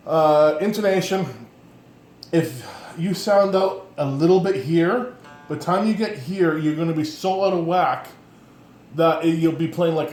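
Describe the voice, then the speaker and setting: A man's voice: a little high, darkish tone, slight background noise. A man giving a casual demonstration of instrument setup, rambling and correcting himself as he goes, recorded in a home workshop on a camera mic. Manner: rambling, self-correcting, plainspoken. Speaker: instrument maker and teacher. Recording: echoey room with faint ambience.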